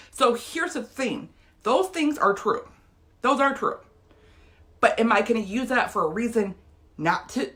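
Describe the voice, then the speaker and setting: A woman's voice: mid-range voice, a bit bright. A woman, giving an emotional, earnest motivational talk straight to her viewers. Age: 50s. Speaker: motivational vlogger.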